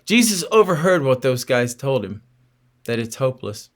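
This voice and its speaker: A man preaching a sermon in an earnest storytelling manner, asking his listeners direct questions and dropping low and soft on key phrases. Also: lively intonation, normal speed.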